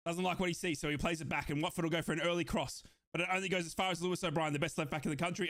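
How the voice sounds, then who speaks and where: Out of breath and thrilled, a young Aussie watchalong streamer yells like an overjoyed fan whenever a goal goes in, then calls the action in quick play-by-play. His pitch is fairly high and his tone steady.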